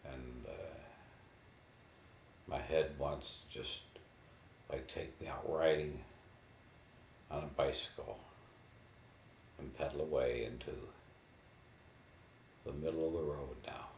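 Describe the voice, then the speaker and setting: A man in a guided imagery therapy session, slowly and haltingly describing what he feels in his body. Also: very deep voice, steady tone, creaky, reverberant, a little hiss or hum. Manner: slow, halting, inward reporting of body sensations. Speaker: therapy client.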